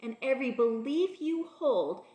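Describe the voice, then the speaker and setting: A woman with a high, bright voice delivers an emphatic motivational faith talk. She repeats her key points and talks straight to her listeners. The sound rings a little, as in an echoey room. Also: lively intonation, a little slow. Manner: emphatic, repeats key phrases, addresses listeners as "you guys" and "people". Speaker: spiritual teacher.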